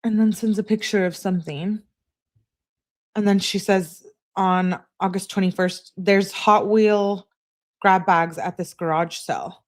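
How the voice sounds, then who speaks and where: A woman on a live stream reading text messages aloud in a steady voice, breaking off to answer her chat. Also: mid-range voice, unhurried. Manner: flat reading, asides to chat.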